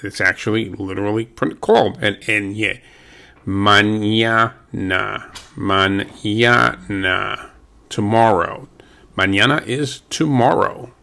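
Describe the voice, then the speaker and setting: A man teaching a language lesson, patiently saying words slowly and repeating them for practice. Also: fairly low pitch, vocal fry, fairly bright tone.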